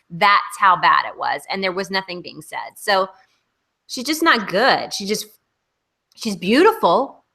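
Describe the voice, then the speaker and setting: A woman's voice: medium pitch, pushed and bright. A woman co-hosting a casual online hangout over a video call, critiquing bluntly and with emphasis. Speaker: co-host.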